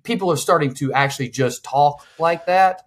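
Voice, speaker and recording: A man's voice: a little high, normal speed. A man hosting a podcast, explaining things in a rambling way full of "like". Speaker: podcast host. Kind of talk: casual podcast chat.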